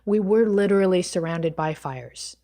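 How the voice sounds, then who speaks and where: Animated woman telling a travel story. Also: fairly low pitch, normal speed. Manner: animated, acts out quoted dialogue, frequent restarts. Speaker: podcast guest. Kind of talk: casual storytelling.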